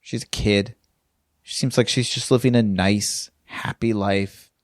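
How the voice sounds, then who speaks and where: A man's voice: fairly low pitch, fairly even intonation, measured pace, no echo, studio quality. Wry man, comedian guest. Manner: wry, self-deprecating anecdotes. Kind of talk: casual chat.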